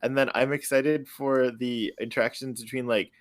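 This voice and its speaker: A man's voice: medium pitch, fairly even intonation, moderate pace. A man chatting casually about his tabletop campaign characters, laughing often as he talks. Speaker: tabletop game player.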